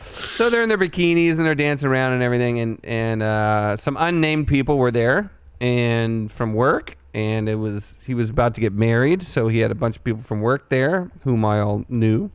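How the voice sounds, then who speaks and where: Animated, swearing male podcast host. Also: moderate pace, clear, resonant tone, dry recording. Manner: animated, profane, jumps to a loud high voice when quoting himself. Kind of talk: casual storytelling chat.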